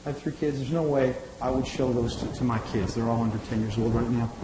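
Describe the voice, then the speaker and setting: A man in his forties giving a lively marketing lecture to a class, often checking in with "right?" and acting out the dialogue he quotes. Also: mid-range voice, quick pace. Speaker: marketing professor. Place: lecture hall. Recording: echoey room, faint noise.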